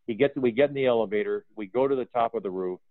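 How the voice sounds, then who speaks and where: A man's voice: medium pitch, fast talker, dry recording. Guy telling set stories, chatty, does the voices of people he quotes, laughs a lot, tinny phone-ish sound, dry. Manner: animated anecdotes with quoted dialogue, laughs often. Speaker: film art director, guest. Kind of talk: casual storytelling interview.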